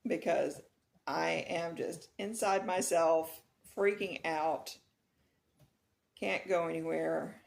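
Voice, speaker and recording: A middle-aged woman from Texas chatting casually in a vlog, retelling a nightmare with laughs and animated swings. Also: low voice, slow, gravelly. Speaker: vlogger.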